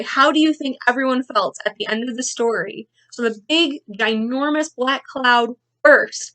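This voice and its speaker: Young female teacher for a children's read-aloud: slightly high voice, expressive, playful and chatty with young listeners. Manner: expressive, playful sound words, chatty asides to kids.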